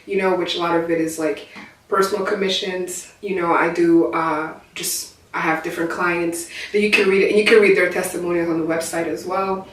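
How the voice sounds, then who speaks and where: A woman poet talking in a casual interview in an art gallery, animated and earnest, recorded from a distant mic. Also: on the low side, very echoey. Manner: animated, laughs easily, earnest. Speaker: poet and performer.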